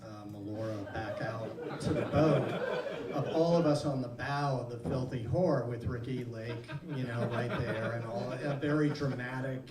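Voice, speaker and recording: A man's voice: medium pitch, moderate pace, distant mic, a loud crowd. A man recalling stories from a film shoot at a live screening Q&A, in a conversational, dry way. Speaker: actor guest. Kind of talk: casual panel Q&A. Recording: echoey venue audio from afar.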